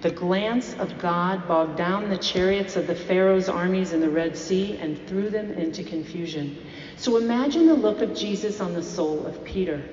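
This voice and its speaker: A woman with a fairly low voice preaches, retelling a story and putting rhetorical questions to her listeners. Her voice rings through a large reverberant hall, captured on a dull, lo-fi recording with faint background noise. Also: moderate pace, darkish tone. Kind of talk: sermon. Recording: echoey hall, dull lo-fi sound.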